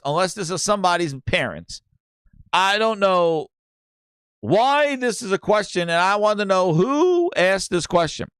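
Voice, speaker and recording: A man hosts a casual gaming news show, his voice a touch higher than most men's. He rambles and mocks, restarting his sentences as he goes. The sound is dry and close, with no room around it. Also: sing-song, unhurried, fairly bright tone, clean tone, no echo. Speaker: gaming podcast host.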